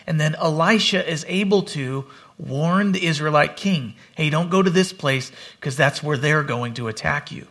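A man's voice: on the high side, vocal fry, a bit bright. A man preaching a sermon, retelling a scripture story and acting out the characters' lines.

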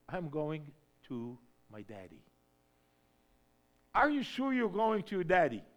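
A man from Egypt preaching a sermon testimony in English, swinging between hushed lines and loud emphatic shouts. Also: a little high.

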